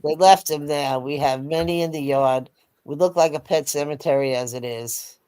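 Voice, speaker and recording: A woman with a notably low-pitched voice spins an animated anecdote in casual chat, cursing freely as she goes. Her delivery is lively and conversational. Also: normal speed, clear, resonant tone. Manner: animated storyteller, swears freely. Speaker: co-host.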